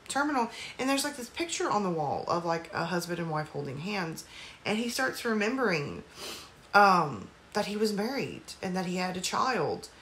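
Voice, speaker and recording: A woman's voice: fairly low pitch, fairly bright tone, a little hiss or hum. A woman casually recapping a movie's plot at home, rambling with lots of fillers and apologetic asides. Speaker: movie reviewer.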